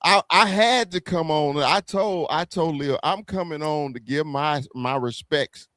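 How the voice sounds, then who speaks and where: A man from the American South with a Southern accent, a guest bantering on a fan podcast, animated, stammering and swearing. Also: a little high, unhurried, no echo. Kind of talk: heated casual banter.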